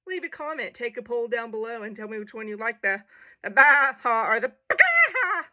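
A woman's voice: fairly high pitch, animated, brisk, sharp tone. A woman casually reading a children's picture book aloud, playful, with jokey asides and animal noises.

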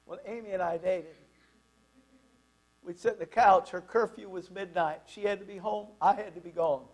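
A man preaching a sermon as a pastor, telling a personal story in an animated, conversational way. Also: high voice, normal speed, rough recording.

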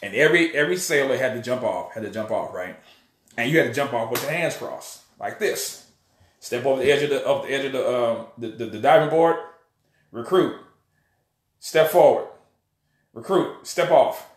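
A man telling a personal story in a casual, animated way, often acting out the voices of others. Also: mid-range voice, a little fast, reverberant. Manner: animated storyteller, acts out voices, many restarts. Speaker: online preacher and channel host.

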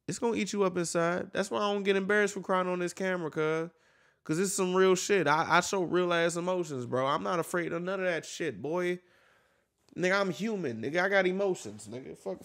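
A man with a fairly high voice talks straight to his viewers, using casual slang and lots of swearing. He sounds earnest and emphatic, the way a reaction video host talks to the camera. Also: fairly bright tone.

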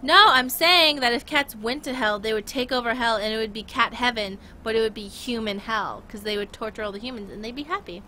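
A woman's voice: on the high side, fairly quick, few pauses, sharp tone, a little hiss or hum. A young woman streaming a game, chatting casually and rambling with giggles, talking to her chat and her dog.

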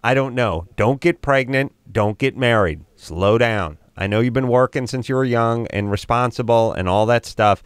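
A man's voice: medium pitch, moderate pace, few pauses, clean tone, no echo. A man co-hosting a call-in advice radio show, blunt and wisecracking, cutting in over others. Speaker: radio co-host.

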